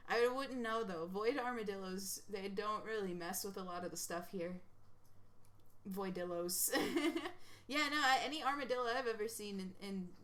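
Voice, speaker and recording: A woman streamer chatting casually while reacting to videos, giggly and excitable, rambling from thought to thought. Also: medium pitch, normal speed.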